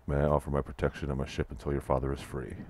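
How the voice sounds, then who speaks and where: A deep-voiced man reading a cultured, gallant pirate captain. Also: monotone, racing, darkish tone. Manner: courtly, formal speech.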